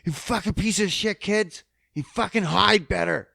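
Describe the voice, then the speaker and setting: A man's voice: sits high, moderate pace, vocal fry, pushed and bright, no room sound, clean studio sound, voice pushed up, heavily acted. A man voicing a furious, hostile adult man scolding children. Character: furious abusive grown man scolding kids.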